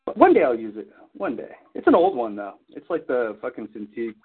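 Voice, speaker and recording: This podcast host has a husky, mid-range voice that swings wildly in pitch as he talks at a fairly quick clip. He rambles through casual chat, curses constantly, and keeps tossing in "you know what I mean." It sounds thin and tinny, as if over a phone.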